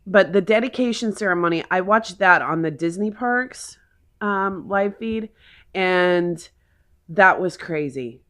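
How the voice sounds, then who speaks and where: A woman's voice: mid-range voice, a little slow, fairly bright tone. A woman in her forties from Oklahoma, chatting in a casual vlog, gushing and emotional as she rambles on. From Oklahoma, USA. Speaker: vlogger.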